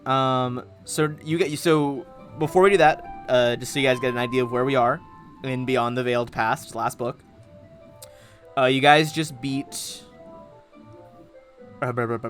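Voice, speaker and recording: Casual male game master, easygoing, laughs a lot, light music underneath. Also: mid-range voice. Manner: laughs often, casual and relaxed. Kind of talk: running a tabletop game.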